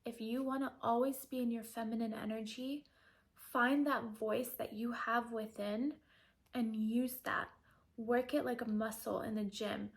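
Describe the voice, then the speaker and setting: A woman's voice: on the high side, fairly even intonation, normal speed, creaky. A woman giving earnest coaching advice straight to camera, asking her viewers rhetorical questions. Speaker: feminine energy coach. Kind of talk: direct-to-camera advice talk.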